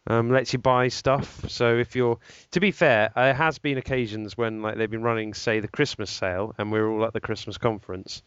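A man's voice: medium pitch, steady tone, a bit bright, clear, resonant tone, no room sound. A man hosts a casual tech podcast, thinking aloud and stumbling over his words with plenty of ums and restarts. His voice sits in a middle register and sounds dry and close. The recording is dull and lo-fi. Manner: rambling, halting speculation with many fillers. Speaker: podcast host.

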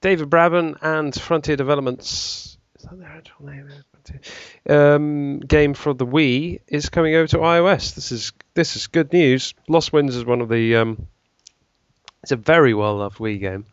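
In lo-fi audio with no room sound, a young British man speaks at normal speed with a fairly high pitch. He's co-hosting a casual tech podcast, working through news items and joking and laughing a lot along the way.

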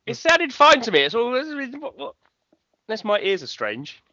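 A man's voice: extremely high pitch, big pitch swings, moderate pace, bright, forceful tone, no room sound, highs cut off. A man co-hosting a casual podcast, making teasing, wry asides. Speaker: podcast co-host.

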